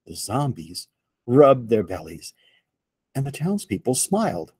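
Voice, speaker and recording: A man reads a children's picture book aloud, unhurried and expressive. His voice has a slight husky edge, and the recording is dry and close with no room sound. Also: lowish voice, no echo. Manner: slow, expressive read-aloud. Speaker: storyteller for children.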